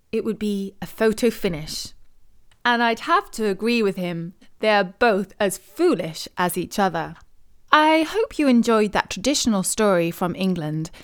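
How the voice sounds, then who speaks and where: A woman storyteller reading a traditional tale in clear, measured scripted narration. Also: medium pitch.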